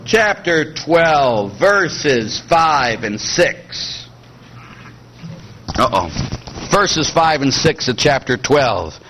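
A middle-aged man, a priest, preaching a sermon in a lively, teasing way and putting questions to the congregation. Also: a little high, very slow, a little hiss or hum, low-quality recording. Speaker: Catholic priest.

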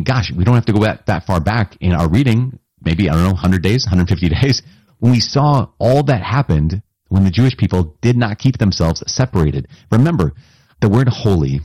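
A man's voice: sits low, darkish tone, no echo. A man giving a conversational, earnest sermon, often checking in with his listeners. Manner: conversational, earnest, with frequent restarts and asides to listeners. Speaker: priest.

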